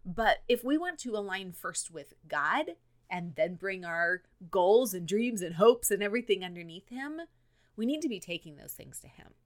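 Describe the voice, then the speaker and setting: A woman's voice: medium pitch, sing-song, normal speed. Earnest woman hosting a faith podcast. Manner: earnest, encouraging, quotes scripture; speaks straight to the listener. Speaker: podcast host; mother. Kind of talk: faith-based encouragement monologue.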